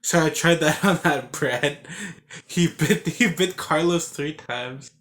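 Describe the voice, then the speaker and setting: A man's voice: a little high, slow pace, fairly bright tone. A man casually recapping a video game he played, rambling with lots of "like" and restarts, and acting out characters with growls and sound effects. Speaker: game reviewer.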